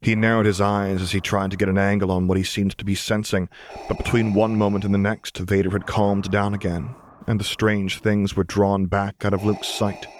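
Deep-voiced man reading a story. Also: little pitch movement, moderate pace, a little hiss or hum. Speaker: podfic reader. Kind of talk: audiobook fan fiction narration.

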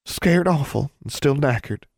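Brief: male narrator doing a bossy, breathless big sister, raised pitch. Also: expressive, a little slow, a little mellow, husky, no room sound, clean studio sound, heavily acted. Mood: fussing. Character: breathless, fussing girl, older sister.

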